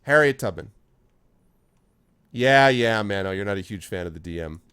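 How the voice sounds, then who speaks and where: A man's voice: fairly low pitch, expressive, normal speed, a bit bright, clean tone. A man streaming a game, chatting casually with viewers by name in a rambling way while he plays. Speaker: streamer reading chat while playing. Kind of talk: casual live-stream chat.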